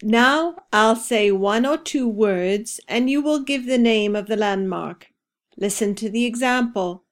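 A woman hosting an English-learning podcast, reading a scripted repeat-after-me drill with careful, deliberate enunciation. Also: a little high. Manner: slow, carefully enunciated repetition. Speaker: ESL podcast teacher.

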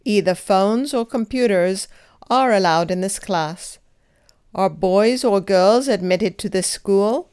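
A woman leading a scripted English grammar drill, enunciating each sentence carefully and pausing for the listener to repeat. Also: medium pitch, a little mellow, clear, resonant tone. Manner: careful, deliberate enunciation with pauses for repetition. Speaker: English teacher.

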